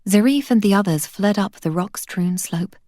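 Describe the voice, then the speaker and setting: A woman reading a children's adventure novel aloud in a steady, soft-spoken way. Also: mid-range voice, moderate pace, no echo, clean studio sound. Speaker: audiobook reader.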